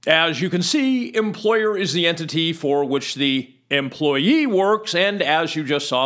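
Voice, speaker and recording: A man talks through a prepared explanation in a measured, emphatic way. His pitch sits a touch high and swings widely as he stresses his points, often stretching out key words for weight. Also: a bit bright. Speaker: commentator on tax law. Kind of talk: scripted explanatory monologue.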